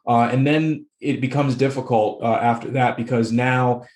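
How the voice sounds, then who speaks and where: A man's voice: mid-range voice, steady tone, normal speed, darkish tone, echoey room. A man from the Boston area, a real estate investor appearing as a podcast guest, laid-back and laughing easily, with lots of fillers. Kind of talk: casual interview chat.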